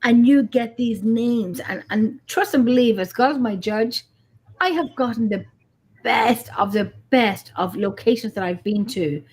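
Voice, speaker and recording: A woman's voice: a little high, measured pace, a little mellow, breathy edge. A middle-aged woman, a paranormal investigator chatting casually and animatedly, acting out dialogue and swearing. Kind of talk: casual chat.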